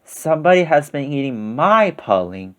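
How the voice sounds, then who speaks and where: Guy doing mama bear, soft, gentle, quiet storybook voice. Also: a little high, sing-song, moderate pace. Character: mild middle-sized mother bear.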